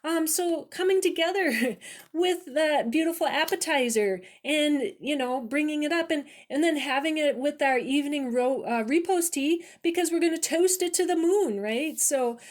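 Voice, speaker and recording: Soft-spoken woman with a fairly high voice, rambly tarot and recipe chat, lots of ums and restarts. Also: moderate pace. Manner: gentle, meandering, many fillers and restarts, repeats "beautiful". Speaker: tarot reader and cooking channel host. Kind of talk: casual unscripted tarot reading and recipe talk.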